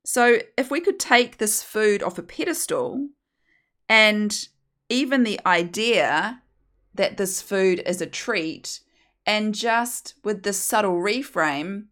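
A woman's voice: medium pitch, lively intonation, slow, a bit bright. A woman hosting a solo coaching podcast, chatty and encouraging, slipping into playful voices now and then. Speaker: podcast host and weight-release coach.

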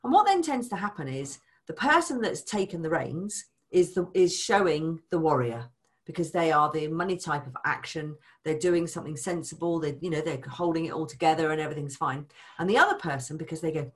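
Woman, money coach, casual chat, low voice, very animated pitch, acts out voices. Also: brisk.

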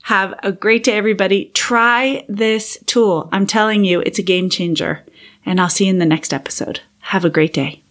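A woman's voice: mid-range voice, steady tone, moderate pace, fairly bright tone. A woman hosting a podcast for teachers, talking in a friendly, encouraging way with occasional whispered asides. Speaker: podcast host and coach for teachers. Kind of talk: casual solo podcast monologue.

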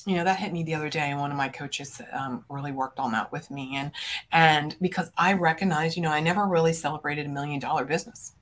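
A middle-aged woman coach delivers a motivational podcast monologue in a slightly low voice. She is blunt and emphatic, swears casually, and puts hard questions to the listener. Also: fast talker, a bit bright. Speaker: business coach and podcast host.

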